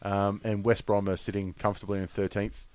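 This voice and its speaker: A man with a low voice chats casually on a podcast. He corrects the others and fills his pauses with ums. The recording is dry and close. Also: flat delivery, a little mellow, dry recording. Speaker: podcast co-host. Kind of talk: casual chat.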